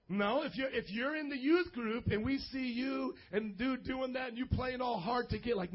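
A man preaching a lively sermon as a pastor, playful, calling for responses and acting out little scenes. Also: very high-pitched, normal speed, few pauses, husky. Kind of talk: energetic sermon to youth. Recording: dull lo-fi recording.

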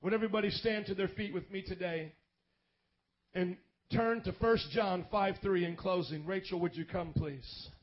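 Male pastor, high-pitched, impassioned sermon delivery with mimicry, lo-fi church audio over guitar. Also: steady tone, moderate pace. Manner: preaching with rising intensity and mimicked dialogue. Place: church sanctuary. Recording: dull lo-fi church recording with guitar music.

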